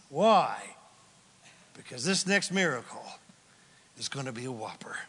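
Dramatic male pastor in a reverberant hall. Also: sits high. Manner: dramatic, swings from loud to hushed whispers, slow emphatic phrasing. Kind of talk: sermon.

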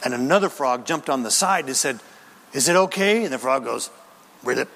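A man's voice: mid-range voice, animated, a little fast, fairly bright tone, big-room sound, a little hiss or hum. A male pastor preaching a sermon, reading scripture aloud with dramatic, playful asides.

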